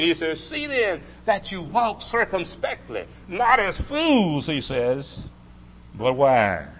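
A man's voice: a little high, fairly bright tone, a little hiss or hum, low-quality recording. A man preaching a sermon, quoting scripture in old-fashioned wording, with rhythmic swells and sudden drops for emphasis.

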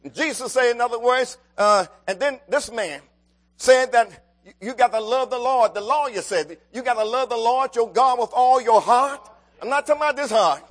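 A preacher with a very high voice delivers a sermon to his congregation. He swings between quiet stretches and loud, emphatic bursts, calling out to the room to respond. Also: normal speed. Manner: calls out to the congregation, rising and falling emphasis.

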